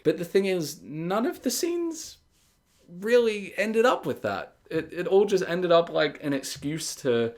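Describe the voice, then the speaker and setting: Guy ranting about a horror movie, sarcastic, keeps doing silly high voices. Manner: animated, jumps into high mocking voices for quotes; sarcastic and exasperated. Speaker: movie reviewer. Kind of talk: casual spoken film review.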